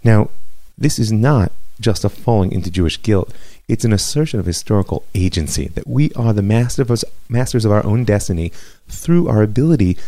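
A man teaching as a rabbi in a measured, reflective lecture with many pauses. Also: fairly low pitch, mellow, dry recording. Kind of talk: recorded lecture.

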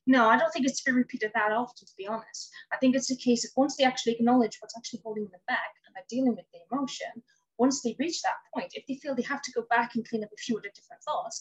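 Husky-voiced woman life coach. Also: on the high side, quick pace. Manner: animated storytelling. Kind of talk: interview answers. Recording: dull lo-fi recording.

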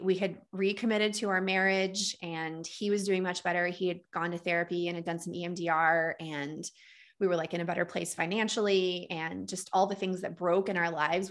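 A woman in her thirties as a podcast guest, telling her own story in a candid, casual way full of "like" and "um". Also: fairly low pitch. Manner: frequent "like" and "um" fillers, candid and animated.

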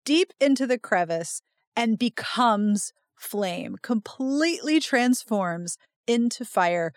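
A woman's voice: a little high, lively intonation, takes it slowly, dry recording, studio quality. A woman hosting a podcast, recapping a romance novel in casual chat with playful, dramatic readings. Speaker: podcast host.

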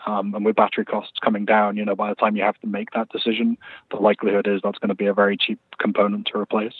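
Guest expert, British man, lowish voice, thoughtful and halting, phone-line sound. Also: monotone, slightly rough, no room sound. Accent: British English. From England. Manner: thoughtful, with many fillers and restarts. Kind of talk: interview answers over a remote line. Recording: tinny phone-quality line.

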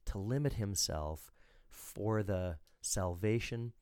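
Low-voiced pastor explaining scripture. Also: male voice, slow, a little mellow, smooth, no room sound, clean studio sound. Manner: explanatory, lecturing, emphatic. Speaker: pastor, co-host. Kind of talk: theological discussion.

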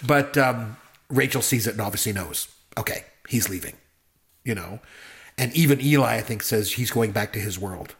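A man's voice: lowish voice, moderate pace. Chatty man gushing about a film. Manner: enthusiastic, rambling with many fillers. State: married. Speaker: podcast co-host. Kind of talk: casual movie discussion.

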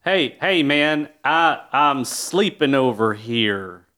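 A man's voice: medium pitch, animated, slow, bright, forceful tone. A man playing a spaced-out, jittery male stoner, stammering and dazed in a comedy improv scene. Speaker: guest.

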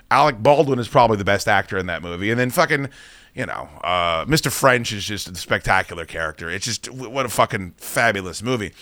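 A man's voice: fairly low pitch, pushed and bright, dry recording. A man in his thirties hosting a podcast, telling a long story in a rambling, self-mocking way and swearing constantly. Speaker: podcast host. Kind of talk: casual profane storytelling.

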